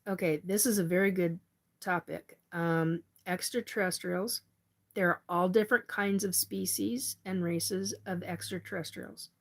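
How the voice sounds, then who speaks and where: A woman's voice: fairly low pitch, steady tone, unhurried. A woman hosting a live stream, chatting casually and reading out viewer comments, cursing freely when riled. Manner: chatty, swears when angry.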